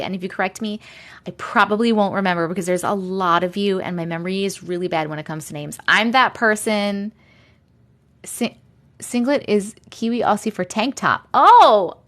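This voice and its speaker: A woman with a Long Island accent, chatting casually on a livestream and reading viewer comments, talking in a chatty, animated way full of giggles. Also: medium pitch. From Long Island, New York. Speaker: livestream host.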